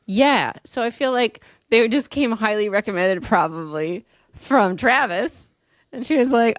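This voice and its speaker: A woman co-hosting a podcast in casual chat, excitable, swearing freely and laughing often. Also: fairly high pitch, a little slow, no echo, clean studio sound. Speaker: podcast co-host.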